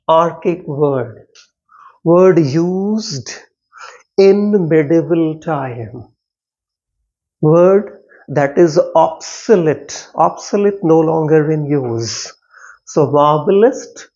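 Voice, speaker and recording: A man explains a poem line by line at a very slow, deliberate pace. He repeats words, corrects himself, and stretches out syllables as he sounds out words. His voice sits a little high and comes through a dull, lo-fi recording. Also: a little mellow. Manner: slow, halting delivery with many repetitions and self-corrections. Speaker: English literature teacher. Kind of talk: line-by-line poetry lesson.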